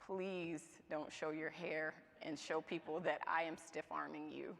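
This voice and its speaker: A woman with a somewhat low voice gives a candid, humorous motivational talk to a live audience. Her voice rings out with a long reverb in a church hall. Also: level tone, a little slow, vocal fry, a bit bright. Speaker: speaker at a moms' event.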